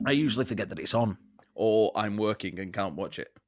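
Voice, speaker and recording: Brief: male co-host with a lively, bouncing pitch and a jokey, teasing manner, recorded dry. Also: a little fast, dry recording. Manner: jokey, teasing, puts on silly accents. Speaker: podcast co-host. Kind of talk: casual chat.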